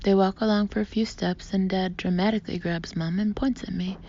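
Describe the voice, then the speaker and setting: Gravelly dark-voiced woman narrating. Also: medium pitch, a little fast. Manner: expressive, drops to a breathy half-whisper. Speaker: audiobook narrator. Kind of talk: first-person audiobook narration. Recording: muffled lo-fi audio with faint hiss.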